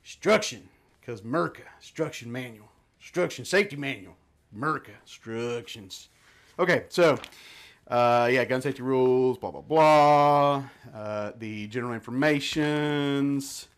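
A man's voice: medium pitch, a little slow. A man reviewing gear in a casual hands-on demonstration, chatting and thinking aloud as he handles each part.

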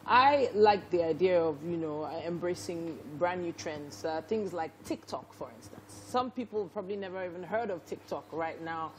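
Low-voiced woman TV host. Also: moderate pace, hardly any pauses, a little hiss or hum, poor audio. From Nigeria. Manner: relaxed, encouraging, frequent "mm" backchannels. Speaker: TV morning show host. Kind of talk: TV interview hosting.

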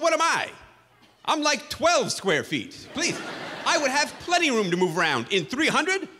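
A man's voice: sits high, sharp tone, big-room sound. A man doing a stand-up comedy set on a club stage, ranting with exasperated sarcasm.

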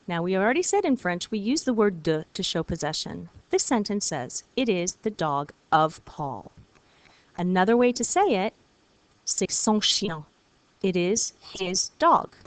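A woman French teacher giving a recorded video lesson, patient and encouraging, repeating words slowly for her students. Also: medium pitch, no echo.

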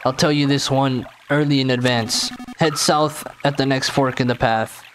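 A man's voice: medium pitch, fairly even intonation, moderate pace, slight background noise, lightly acted. A man reading as a bossy old cave guide. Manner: plain reading of game dialogue. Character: talkative older man guiding through a cave.

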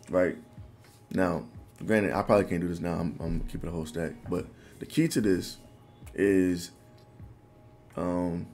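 A man in his twenties telling a personal story to the camera in a casual, animated, slangy way. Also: on the low side. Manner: animated, loose slangy talk full of "bro". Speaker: vlogger.

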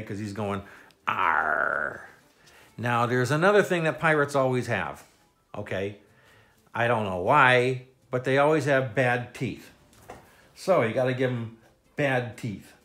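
A man's voice: mid-range voice, a bit bright. A man leading a kids' step-by-step drawing lesson, playful and jokey, with silly sound effects. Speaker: children's drawing instructor.

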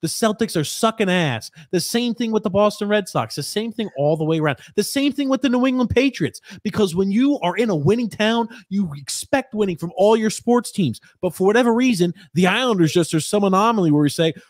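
A man hosting a casual sports podcast, animated and joking as he rants. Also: sits high, fairly quick, few pauses, no echo, clean studio sound. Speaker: podcast host.

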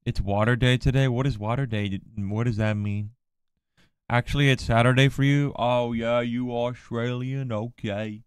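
Joking male streamer with a smooth, resonant voice and a dry, close sound. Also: medium pitch, steady tone, moderate pace, no room sound. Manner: joking, teasing banter. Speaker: livestreamer. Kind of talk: casual livestream chat.

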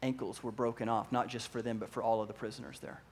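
Preaching fast at a medium pitch, a male pastor brings energy to his sermon. He acts out voices and keeps asking the audience questions.

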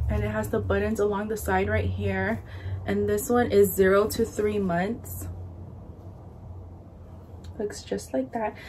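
A woman's voice: mid-range voice, slight background noise. A young woman chatting casually through a baby clothes haul, filling her talk with "like" and "um" and sounding a bit out of breath. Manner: chatty, lots of "like" and "um", shows items to camera. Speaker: vlogger. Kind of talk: casual haul video chat.

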